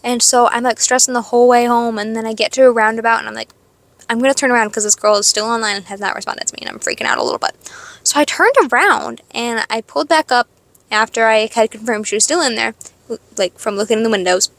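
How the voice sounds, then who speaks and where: A woman's voice: fairly high pitch, fast, no echo. Chatty young woman rambling in her car. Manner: chatty, animated, lots of "like", jumps to squealing excitement. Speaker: vlogger. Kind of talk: casual storytelling chat. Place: parked car in a parking lot.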